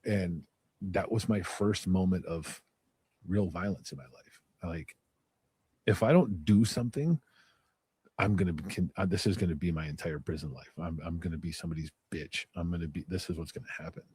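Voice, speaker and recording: A man with a low, husky voice tells a violent memory in a candid, matter-of-fact way. The sound is dry and close, with no room around it. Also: moderate pace, mellow, dry recording. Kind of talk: casual storytelling.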